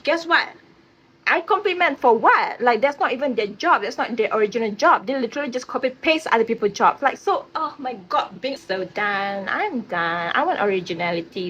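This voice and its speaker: A fairly high-voiced woman vents to camera in a blunt, profane vlog rant, punctuating her points with "right?". The audio is a little muffled, with a faint hiss underneath. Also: lively intonation, a little fast, fairly bright tone. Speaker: vlogger.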